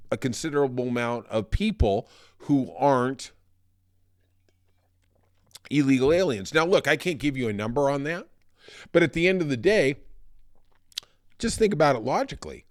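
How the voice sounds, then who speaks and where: A man's voice: mid-range voice, dry recording, studio quality. A man hosting a solo political podcast, talking in a conversational, thoughtful way. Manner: conversational, thoughtful, turning somber. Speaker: podcast host.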